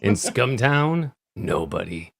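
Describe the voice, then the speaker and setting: A man's voice: on the low side, sing-song, slow, vocal fry, a bit bright. A man co-hosting a casual movie podcast, steering the talk through the story scene by scene. He drops dry little jokes along the way. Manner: retells plot in order, dry asides. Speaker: podcast co-host. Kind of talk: casual movie-review chat.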